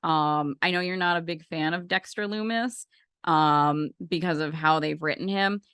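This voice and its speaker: Low-voiced woman chatting about wrestling. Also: moderate pace, fairly bright tone, smooth, no room sound, studio quality. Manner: rambling, filler-heavy, swears casually. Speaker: podcast co-host. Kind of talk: casual wrestling chat.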